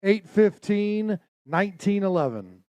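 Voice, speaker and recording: An energetic male announcer calls out catch weights with a high-pitched voice. He jokes with anglers and spectators at a live weigh-in, and the sound is dry and close. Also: measured pace, no room sound. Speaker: weigh-in emcee.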